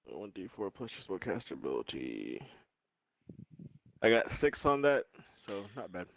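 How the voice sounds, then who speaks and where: A man plays a tabletop game over a call, hesitant and full of ums as he works out his turn. His voice sits on the low side and sounds dry and close. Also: huge pitch swings, unhurried, gravelly, dry recording. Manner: hesitant, lots of ums and restarts. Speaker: player. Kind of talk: casual game chat.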